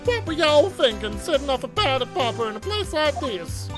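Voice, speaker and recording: A woman voicing a brash, feisty Southern country woman photographer with a loud, folksy drawl, over game music. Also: high-pitched, big pitch swings, normal speed. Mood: scolding. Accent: Southern US drawl, put on. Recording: game music playing behind.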